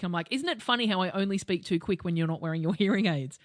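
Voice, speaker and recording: A woman's voice: lowish voice, fast, dry recording, studio quality. A young woman co-hosting a podcast, chatting casually and swearing freely while she acts out the people in her stories. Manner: profane, animated storyteller who acts out quotes. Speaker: podcast co-host. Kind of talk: casual chat.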